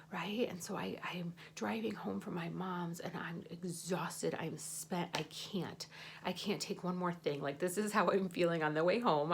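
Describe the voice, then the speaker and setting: A woman in her forties, a life coach, talking through a personal reflective monologue. She speaks softly, often drops to a breathy near-whisper, and keeps checking in with a confiding "right?". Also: fairly low pitch, slight background noise.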